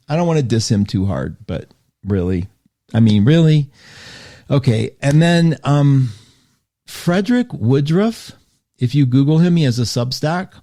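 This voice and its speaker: A male radio host talking to listeners in a chatty, animated way, often breaking off mid-sentence and reading listener comments aloud. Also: medium pitch. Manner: chatty, animated, self-interrupting. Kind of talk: live radio show monologue.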